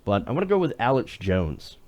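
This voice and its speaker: Lively sarcastic male show host. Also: medium pitch, a little fast, no room sound. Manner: sarcastic, loose, laughing at clips. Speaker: political talk show host. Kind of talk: casual live-stream commentary.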